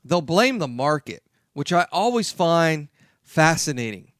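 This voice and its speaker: A man's voice: fairly high pitch, sing-song, moderate pace, fairly bright tone, no room sound, studio quality. A man hosting a talk radio show, speaking emphatically and repeating his key points.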